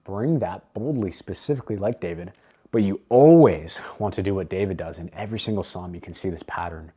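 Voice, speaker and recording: A man's voice: sits low, a little fast, dark tone, husky. A man coaching in a casual, faith-based talk, earnest and emphatic, often repeating words for stress. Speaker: men's coach.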